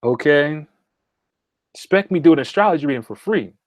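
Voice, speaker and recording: A man's voice: fairly high pitch, animated, brisk, no echo. A man hosting a casual livestream from his home meditation room, talking straight to viewers and often checking in with "okay?". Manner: direct, repetitive, asks "okay?" often. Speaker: livestream host and spiritual consultant.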